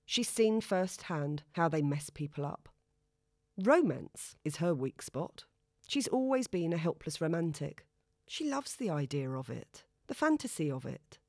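A woman reading a novel aloud in a wry, even storytelling manner. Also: deep voice, dry recording, studio quality. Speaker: audiobook narrator. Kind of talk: scripted narration.

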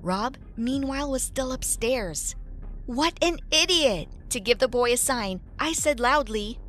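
Woman storyteller, higher voice, lively narration, faint music behind. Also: unhurried. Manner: lively, animated storytelling with acted quotes. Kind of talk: first-person story narration.

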